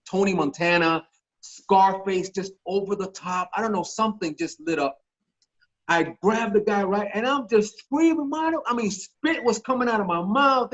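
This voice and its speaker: A man guest on a podcast telling stories in a casual, animated, profane way, acting out the voices of the people in them. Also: sits high. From Miami. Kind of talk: casual storytelling interview. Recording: dull lo-fi podcast audio.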